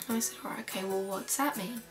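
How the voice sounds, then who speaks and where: Young woman recalling quietly. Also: mid-range voice, fast, faint music behind. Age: young adult. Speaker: filmmaker recalling her mother's illness. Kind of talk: personal documentary interview.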